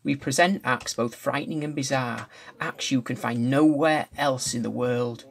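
A man reading aloud as a tall, eerie male circus ringmaster with a low, croaky voice, delivering solemn warnings. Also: normal speed, close to an everyday voice. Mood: ominous.

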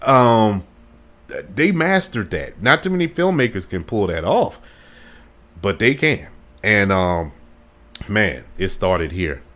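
Podcast host, man, lively pitch, chatty and rambling, laughs a lot. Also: slow, long pauses. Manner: enthusiastic, laughs often, rambling. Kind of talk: casual solo podcast chat.

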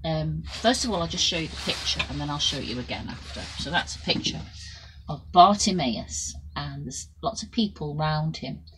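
A woman telling a Bible story to children in an expressive way, shifting between loud and soft. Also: low voice, brisk, hardly any pauses, slight background noise, poor audio.

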